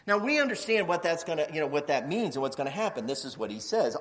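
A male pastor delivers a sermon with a bright, forceful tone and a slightly raised pitch. His delivery swings widely, acting out quoted voices and climbing toward near-shouts. The sound carries a long reverb, as in a large hall. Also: big pitch swings, quick pace, hardly any pauses.

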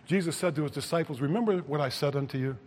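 Husky-voiced preacher in a reverberant hall. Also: male voice, on the high side, fast talker, darkish tone. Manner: preaching, rising to emphatic peaks on scripture. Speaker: pastor. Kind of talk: sermon.

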